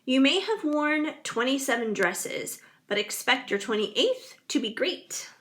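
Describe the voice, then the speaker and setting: A woman's voice: high-pitched, big pitch swings, unhurried, fairly bright tone. Chatty female tarot reader talking straight to viewers, rambling, full of fillers, a bit yawny. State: yawning. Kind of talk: casual tarot reading to viewers.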